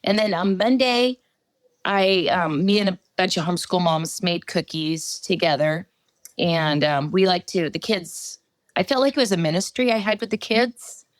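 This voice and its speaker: A middle-aged woman giving a personal testimony as a podcast guest, halting storytelling with many fillers. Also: on the low side, no room sound.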